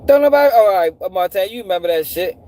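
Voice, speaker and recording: Animated, profane man talking to his stream. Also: high-pitched, quick pace. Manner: animated, profane, repeats himself, rhetorical questions. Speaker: live-stream host. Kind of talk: casual commentary to a live audience.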